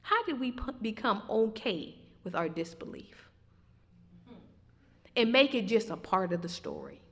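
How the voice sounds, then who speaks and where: A woman preaching a sermon, swinging between loud, emphatic questions and quiet, low reflection. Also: expressive, unhurried. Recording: long hall reverb.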